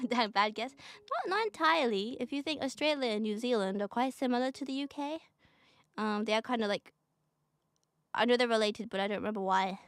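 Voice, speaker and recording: A woman's voice: fairly high pitch, fairly quick, fairly bright tone, clean tone, no room sound. A young woman streamer with a neutral British accent, chatting casually and rambling while she draws, often giggling and swearing offhand.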